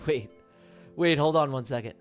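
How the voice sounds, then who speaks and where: A man hosting a live day-trading stream, talking in a brash, profane and excitable way. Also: medium pitch, normal speed, faint music behind. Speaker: day trader hosting a livestream.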